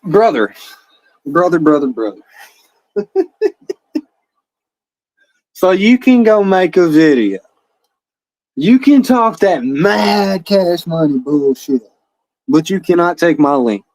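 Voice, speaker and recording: A man's voice: high voice, expressive, slow, a little mellow, no room sound, low-quality recording. A man hosting a livestream, taunting a rival in a heated, profane, mocking rant. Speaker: livestream host.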